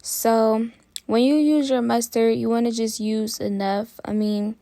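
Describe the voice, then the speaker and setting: A woman hosting a cooking channel, talking viewers through a recipe in a chatty, relaxed way. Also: on the high side, a little slow, gravelly, no echo. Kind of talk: casual cooking tutorial.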